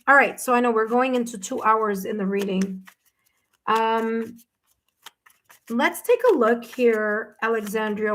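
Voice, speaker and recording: A woman doing a live tarot reading for viewers, her voice sitting a little on the high side. She talks in a gentle, reassuring way and keeps checking in with the listener as she goes. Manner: gentle, reassuring, says "okay?" and "my dear" often. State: hiccups. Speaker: tarot reader.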